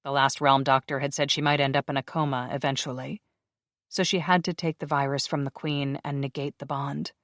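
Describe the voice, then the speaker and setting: Even, measured romance audiobook narration. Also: medium pitch, dry recording. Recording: dry close studio recording.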